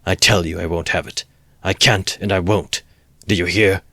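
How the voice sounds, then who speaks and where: Brief: man reading as an imperious young suspect, low voice, angry, dry close sound. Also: fairly even intonation, moderate pace, bright, forceful tone, no room sound, full character voice. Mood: furious. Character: feverish, proud young man under suspicion.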